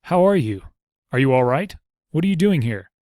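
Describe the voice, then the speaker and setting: A man voicing an excitable, worried knight father who fires off eager questions in a dry, close reading. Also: medium pitch, moderate pace, dry recording, natural voice. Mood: overjoyed.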